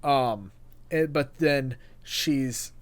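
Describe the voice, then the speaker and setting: A young man co-hosting a casual podcast chat, excitable and rambling, often restarting his sentences. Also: medium pitch, drawn-out words. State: hiccups. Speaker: podcast co-host.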